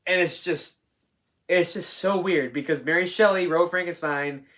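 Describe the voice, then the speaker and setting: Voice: mid-range voice, normal speed, a bit bright. A film reviewer talking casually and unscripted, rambling with many restarts and free swearing. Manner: rambling, lots of fillers and restarts, swears freely.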